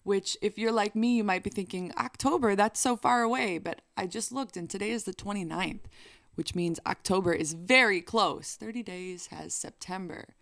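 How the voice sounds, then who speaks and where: A woman's voice: medium pitch, moderate pace, fairly bright tone, no room sound, clean studio sound. A woman singer and vlogger talking casually to the camera in a playful, chatty way. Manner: playful and chatty, bursts into song.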